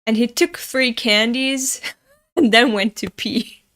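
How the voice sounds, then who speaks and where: A woman's voice: on the high side, slow, fairly bright tone. A woman from Europe hosting a manga reading, telling a story in a chatty, self-mocking way with frequent laughter. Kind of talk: casual storytelling and manga commentary.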